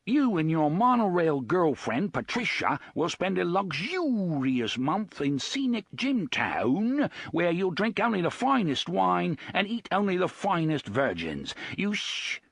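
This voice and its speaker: A man putting on a giddy young man faking a plummy British accent, bellowing like a game-show host in a storybook reading. The voice leaps high and swings wildly, with a husky edge, recorded close and dry. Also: sing-song, a little slow, hardly any pauses, no echo, exaggerated voice. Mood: manic, bellowing.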